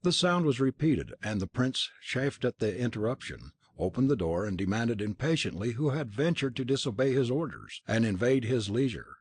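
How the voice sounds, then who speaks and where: Husky, expressive male audiobook narrator. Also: mid-range voice, moderate pace, few pauses. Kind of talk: scripted narration of a classic novel.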